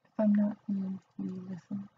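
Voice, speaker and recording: A woman's voice: mid-range voice, monotone, normal speed, slightly rough. A young woman teasing a friend in dry casual banter, heard off-mic without a headset. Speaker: friend in the room. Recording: dull off-mic audio with faint noise.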